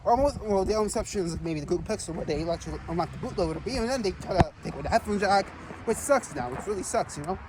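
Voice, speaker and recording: Fast, high-voiced man vlogging on the street, winded and rambling, with traffic noise behind. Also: distant mic. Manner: rambling, repetitive, excitable. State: out of breath. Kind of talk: casual walking vlog. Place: outdoors on city streets, walking.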